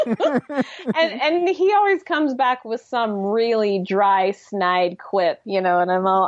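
A woman's voice: mid-range voice, expressive, unhurried, pauses often, no echo. Woman author, 40s, chatty guest who acts out family quotes; muffled, dry recording. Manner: laughing often, acts out quotes from her sons. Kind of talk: casual podcast chat.

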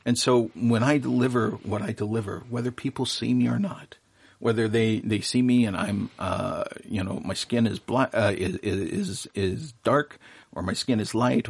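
A man's voice: lowish voice, breathy edge. A middle-aged man who works as Santa, telling earnest stories in a casual radio interview, with plenty of fillers and restarts. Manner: warm, earnest storyteller with many fillers and restarts. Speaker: professional Santa performer, radio guest.

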